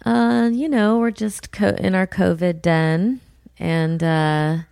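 A woman co-hosting a podcast, chatting casually in a relaxed way. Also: fairly low pitch, slow pace, creaky, clean tone, dry recording, clean studio sound. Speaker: podcast co-host. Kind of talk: casual chat.

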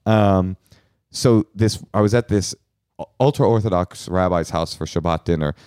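A man co-hosting a podcast in casual comedic chat, animated and jokey, often restarting his sentences. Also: sits low, normal speed, clear, resonant tone, no echo, studio quality. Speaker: podcast co-host.

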